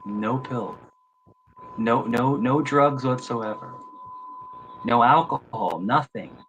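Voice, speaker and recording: A man's voice: mid-range voice, slow, a bit bright, highs cut off. Confrontational 50s guy on a call panel, keeps repeating himself, some background noise. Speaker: panel guest. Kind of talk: heated online panel argument.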